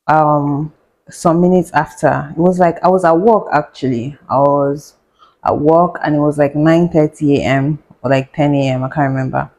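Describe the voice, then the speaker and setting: A woman's voice: low voice, fairly even intonation, normal speed, darkish tone, low-quality recording. A young woman, a doctor, telling a story in a sarcastic, chatty way while she cooks, laughing and muttering to herself. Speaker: doctor and vlogger. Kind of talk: casual storytime chat while cooking.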